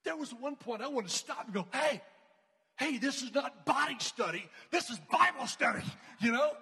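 A man's voice: extremely high pitch, a bit bright, husky. A man telling a personal story in casual talk, acting out the voices in it with many fillers. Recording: long hall reverb.

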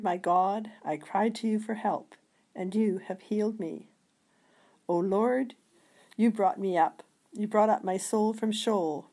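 Mellow-voiced woman reading scripture. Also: medium pitch. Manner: measured reading with occasional slips. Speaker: scripture reader.

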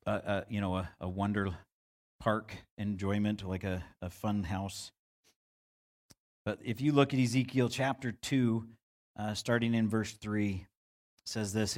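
A middle-aged male pastor giving a conversational sermon, acting out quotes in a livelier voice. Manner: conversational preaching, acts out God's voice with rising pitch.

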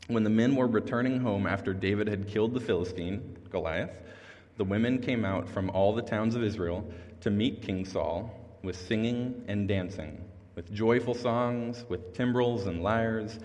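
A man's voice: on the low side, normal speed, a little mellow. A young man giving a casual youth sermon as a youth pastor, chatty and self-deprecating, chuckling between thoughts. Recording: long reverb of a large hall.

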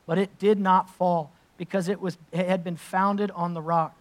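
In a slightly high male voice, a pastor preaches a sermon at normal speed and in a level tone. He alternates between reading scripture and explaining it emphatically and conversationally, tossing in casual asides.

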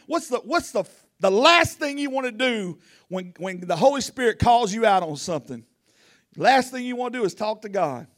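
A high-voiced man delivers a sermon outside while the wind blows. His preaching is animated and folksy, and his grammar is casual and everyday.

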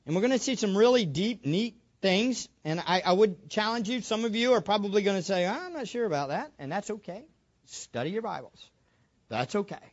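A man's voice: sits high, animated, normal speed, lo-fi sound. A man preaching a sermon, asking questions of the congregation and stressing his points. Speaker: pastor.

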